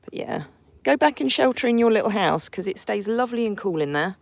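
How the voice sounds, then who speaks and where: A woman's voice: mid-range voice, expressive, brisk, creaky, slight background noise. A woman hosting a casual live stream from horseback outdoors, reading viewer comments and cooing and scolding her horses in between.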